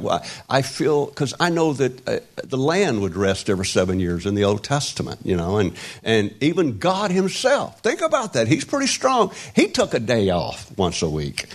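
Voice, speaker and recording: A man in his sixties preaching an informal sermon, rambling and halting with many restarts and wry self-deprecating humor. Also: mid-range voice, huge pitch swings. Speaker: pastor.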